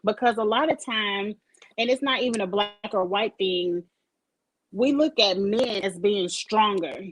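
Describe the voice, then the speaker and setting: A woman's voice: medium pitch, unhurried, low-quality recording. A woman hosting a casual live-stream chat over a video call, speaking emphatically and candidly and swearing freely. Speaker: host of a live-streamed talk show; supervisor at work.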